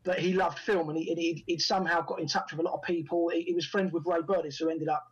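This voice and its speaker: A man tells anecdotes at a rapid clip in a fairly high, husky voice. He slips into the voices of the people he quotes as he goes. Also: muffled recording. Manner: animated anecdotes, acts out quoted dialogue. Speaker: actor and writer guest. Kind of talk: storytelling in a podcast interview.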